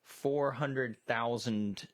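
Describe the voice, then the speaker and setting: A man's voice: mid-range voice, steady tone, drawn-out words, no room sound. A man co-hosting a casual movie chat on a live stream, rambling with many restarts and fillers. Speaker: co-host. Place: storage shed.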